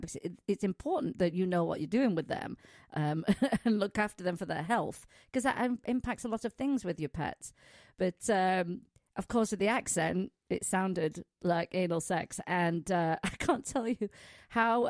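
A woman's voice: lowish voice, darkish tone, dry recording, studio quality. A middle-aged woman with a foreign accent, hosting a pet radio show in a chatty way and laughing often. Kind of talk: casual radio chat. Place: small studio.

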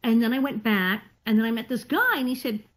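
Brief: actress guest, woman, husky and raised in pitch, animated storyteller on a video call. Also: a little fast, poor audio. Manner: animated, laughing, acts out quotes. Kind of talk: casual storytelling interview.

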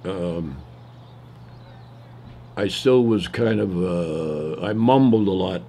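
An older actor from the South with a New York accent, telling stories from his career in a loose, rambling way with many pauses. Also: low-pitched, creaky, a crowd in the background. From Southern US, Tennessee. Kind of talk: reminiscing interview monologue.

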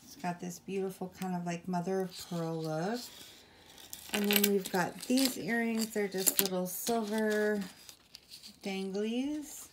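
A woman's voice: mid-range voice, fairly even intonation, takes it slowly, slight background noise. A woman chatting casually on camera at home, showing items one by one and rambling with lots of ums and apologies. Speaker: vlogger. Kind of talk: casual haul video chat.

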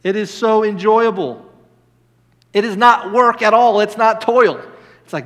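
A man in his thirties, a minister preaching a sermon with lively storytelling and sudden bursts of excitement. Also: sits high, a little slow. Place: church hall. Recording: long hall reverb.

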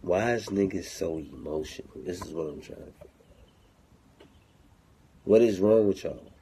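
Brief: low, mellow-voiced man, unhurried, cursing and taunting his critics on a phone livestream. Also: animated, slight background noise. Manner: profane, taunting, confrontational. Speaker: rapper streaming live to fans. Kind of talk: livestream rant.

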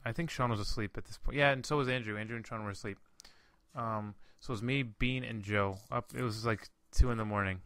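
A man's voice: fairly low pitch, brisk, a bit bright, smooth, no echo. A young man hosting a casual podcast chat, rambling through a story with fillers and swearing. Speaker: podcast host.

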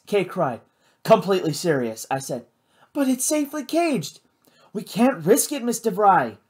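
An audiobook reader telling a first-person adventure with dramatic energy. The voice sits in a middle register and swings widely in pitch as the action builds. The delivery stays expressive throughout. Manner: dramatic, lively reading. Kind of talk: first-person novel narration.

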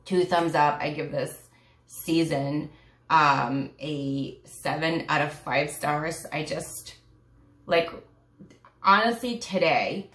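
A woman talks through her review of a series in a casual, rambling way, sighing often and stumbling over restarts. She sounds close to tears. Her voice sits low, and it rings in an echoey room. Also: slow pace, a bit bright. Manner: rambling, gushing, sighing, with many fillers and restarts. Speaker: YouTube reviewer.

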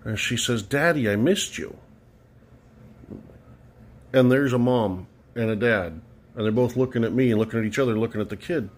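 A man's voice: medium pitch, steady tone, quick pace, darkish tone. A man telling a laid-back, wry story in a casual way.

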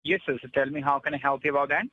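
A man's voice: medium pitch, fairly even intonation, very fast, dry recording. A man answering as a call agent, working through scripted questions. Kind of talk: phone call. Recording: muffled phone line.

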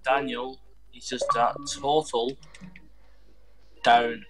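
A man's voice: medium pitch, level tone, very slow, background noise. A man chatting casually while gaming, rambling through a story and acting out the voices of the people in it. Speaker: gamer.

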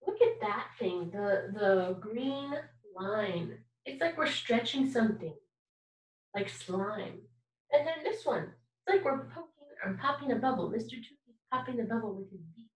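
This recorded online music lesson features a woman with a slightly high voice teaching kindergarten children, patiently encouraging them, asking questions, and singing examples. The low-quality recording sounds echoey, with her far from the mic.

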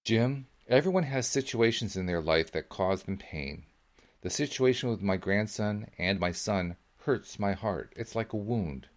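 A man reading the part of an older woman, a gentle, wise grandmother who calmly reassures a boy. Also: on the low side, unhurried, lightly acted. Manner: calm, patient, reassuring.

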